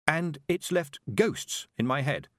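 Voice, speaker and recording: A man's voice: on the high side, animated, slow, fairly bright tone, no room sound, studio quality, voice pushed up. Man doing a timid young girl witch. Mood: unsure. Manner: timid, mumbling.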